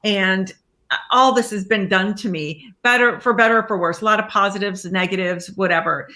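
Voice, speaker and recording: A woman, a life coach, being interviewed and telling her story in a lively way, acting out the lines of people she quotes. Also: mid-range voice, moderate pace.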